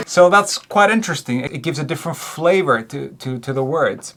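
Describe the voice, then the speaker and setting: A man teaching songwriting in a relaxed way, counting beats aloud and singing short examples. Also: a little high, normal speed, few pauses, loud music behind the voice. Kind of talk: music lesson.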